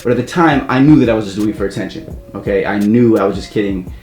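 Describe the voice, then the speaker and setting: Man, casual personal storytelling, rambling with wry asides, fairly low voice, echoey room, faint music. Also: fast. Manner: rambling, wry asides, loud acted quotes.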